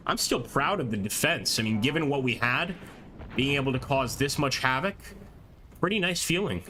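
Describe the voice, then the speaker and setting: Male streamer from the US, bright tone, chatty live game commentary, faint noise behind. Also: mid-range voice, moderate pace. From American. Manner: excited, chatty, laughs often, reads chat aloud. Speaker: gameplay streamer.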